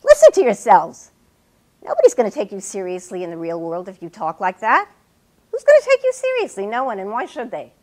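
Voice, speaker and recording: A woman's voice: medium pitch, wildly swooping pitch, brisk, darkish tone. An actress playing an established woman writer who lectures her student with precise, pointed speech in a stage scene. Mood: insistent. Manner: lecturing, precise, wide-ranging inflection. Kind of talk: stage scene performed on a talk show.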